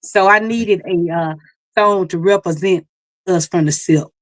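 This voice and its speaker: A woman's voice: lowish voice, unhurried, dry recording. Middle-aged woman, Mississippi country accent, folksy storyteller guest, dry mic. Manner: folksy, storytelling, laughs at herself. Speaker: singer guest. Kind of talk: casual interview chat.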